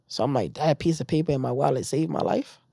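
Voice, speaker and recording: Animated New man telling a story. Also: medium pitch, fast, gravelly. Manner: animated retelling, acting out others' lines. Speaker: podcast guest. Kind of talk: casual storytelling.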